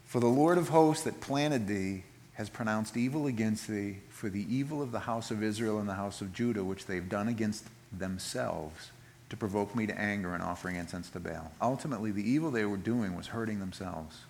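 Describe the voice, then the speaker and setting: A man preaching a sermon, animated, rising loud for emphasis and dropping quiet for scripture. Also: on the low side, a little fast, slight background noise. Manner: expressive, acts out voices in quotes, swings from loud emphasis to quiet reading.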